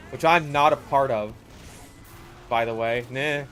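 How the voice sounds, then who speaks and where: A man casually commentating his own gameplay, swearing freely and breaking into loud exasperated yelling. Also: mid-range voice, a little slow, long pauses, soft background music. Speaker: gaming video creator.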